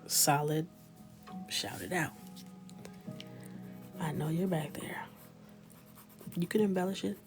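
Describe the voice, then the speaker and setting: A woman in her thirties chatting in a mostly whispered, joking way while coloring, with sudden loud shouts. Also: sits low. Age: 30s. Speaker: coloring livestreamer. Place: small closet with a ring light.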